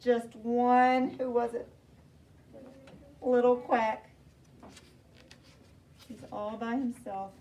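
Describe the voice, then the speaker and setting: A woman teacher reading a picture book aloud to her class in an animated way, asking the children questions. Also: fairly high pitch, extremely slow, pauses often. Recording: distant mic, faint noise.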